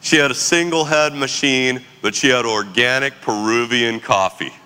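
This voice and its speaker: A man in his forties telling a story in a casual, animated, slangy way. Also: medium pitch, moderate pace, clear, resonant tone, in a large hall. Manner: animated, slangy, laughs often.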